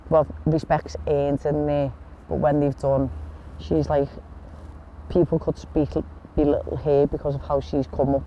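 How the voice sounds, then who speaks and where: A woman's voice: rumbling low, dark tone, highs cut off, slight background noise. A woman boxer in a casual interview, blunt and chatty, swearing freely as she tells stories. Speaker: boxer guest.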